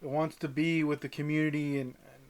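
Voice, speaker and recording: A man's voice: a little high, level tone, fairly quick. A man co-hosting a review podcast in casual chat, rambling and hesitant with many fillers. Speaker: podcast co-host.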